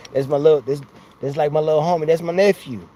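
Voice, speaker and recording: A man's voice: fairly high pitch, steady tone, normal speed, warm tone, slight background noise. A man hosting a casual live stream from outside his home, talking into a phone in a rambling, slangy way and laughing often. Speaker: livestream host.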